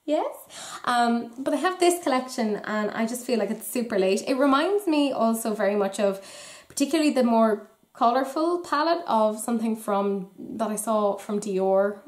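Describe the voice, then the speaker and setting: A woman's voice: fairly high pitch, expressive, moderate pace, echoey room. An Irish woman chatting casually through new makeup releases, with wry, self-deprecating asides. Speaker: beauty vlogger.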